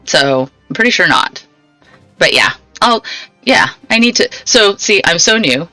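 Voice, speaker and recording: A woman's voice: lowish voice, big pitch swings, unhurried, pushed and bright, no echo. A young woman live-streaming a game, chatting with her viewers and laughing often. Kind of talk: casual live-stream chat while gaming. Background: game music.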